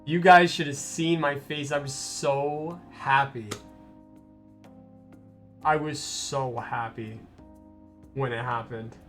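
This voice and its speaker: A man's voice: mid-range voice, fairly even intonation, slow, pauses often, a bit bright. A young man streaming a game, telling a rambling story in a casual way, with restarts and swearing. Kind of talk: casual gameplay stream chat. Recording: stream with faint game music.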